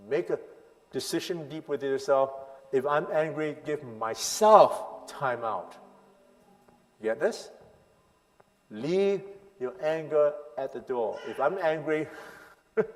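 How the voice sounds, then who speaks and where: In a church hall with long, echoing reverb, a man with a mid-range voice preaches a parenting seminar to his congregation like a sermon. This pastor is emphatic, poses rhetorical questions to the crowd, and shifts between loud lines and hushed ones.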